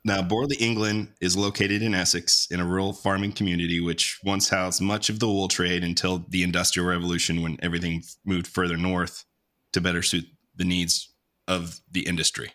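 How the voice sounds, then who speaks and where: A man's voice: deep voice, little pitch movement, fairly quick, pushed and bright. A man hosting a podcast in casual, laid-back chat, joking and swearing easily. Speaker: podcast host.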